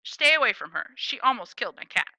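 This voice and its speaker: A woman's voice: on the high side, sing-song, quick pace, sharp tone, dry recording, highs cut off, full character voice. A woman voicing a stern, suspicious, very tall old woman gardener who answers curtly. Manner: curt, suspicious.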